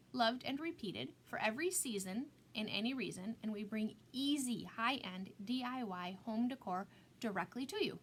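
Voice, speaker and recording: A woman's voice: a little high, slight background noise. A middle-aged woman hosting a casual live craft demo, chatty and self-mocking, laughing at herself often.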